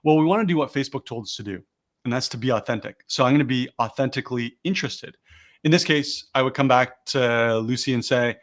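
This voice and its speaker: Here a man of medium pitch, animated and a little fast, teaches sales live over a video call. He breaks down each stage, then models the recommended phrasing himself.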